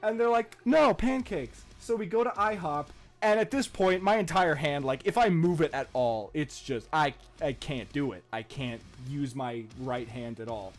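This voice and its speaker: A man's voice: a little high, normal speed, hardly any pauses. A young man and podcast co-host, telling a story in casual chat, swearing freely and laughing as he goes. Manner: profane, laughing, animated retelling.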